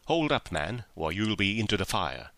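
Sherlock Holmes, as a man reads him: quiet, stern detective. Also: on the low side, sing-song, normal speed, dry recording. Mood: cool stern. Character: calm, commanding male detective, stern. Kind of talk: audiobook character reading.

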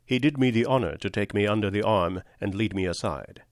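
A man narrating a literary novel in a measured, grave, deliberate way. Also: fairly low pitch, no room sound, clean studio sound. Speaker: audiobook narrator.

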